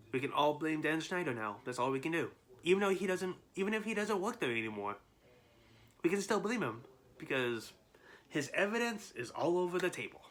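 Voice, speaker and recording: A man's voice: fairly high pitch, fairly bright tone. A man in his twenties ranting to his viewers in a vlog, trying to hold back his anger as he rambles with many restarts. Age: 20s. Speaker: YouTuber.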